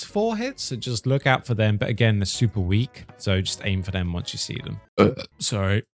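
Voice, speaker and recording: A man's voice: low-pitched, gravelly. A man giving casual, cheeky gameplay commentary, chatting along and teasing the characters on screen. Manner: chatty, cheeky, mildly swearing at his settlers. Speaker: gaming commentator.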